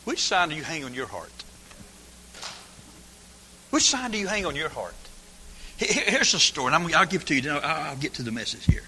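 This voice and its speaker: An older man preaching a folksy sermon, swinging from hushed asides to shouted lines in a church. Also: a little high, sing-song, brisk, long pauses, slight background noise. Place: church sanctuary. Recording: long hall reverb.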